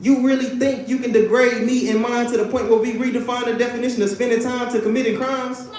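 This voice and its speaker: An American man performing a spoken word poem at a live venue, rhythmic and building to shouts. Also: extremely high pitch, flat delivery, fast talker. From United States. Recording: echoey room from a stage mic.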